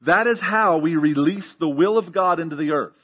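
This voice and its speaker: A man's voice: a little high, normal speed, fairly bright tone, slightly rough. A man preaching a sermon as pastor, teaching emphatically with rhetorical questions and frequent checks of "okay?".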